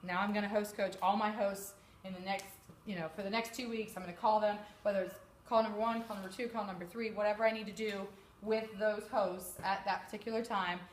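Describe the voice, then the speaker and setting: A woman giving a chatty, animated sales training talk to a live group, sometimes acting out customers' voices. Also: mid-range voice, fairly quick. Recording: echoey room with background noise.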